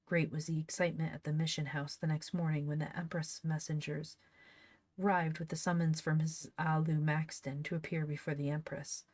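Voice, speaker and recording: A woman's voice: sits low, level tone, normal speed, a little mellow, dry recording. A woman reading an old storybook aloud, now and then breaking off to laugh and comment on it. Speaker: reader of an old book. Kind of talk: casual read-aloud with asides.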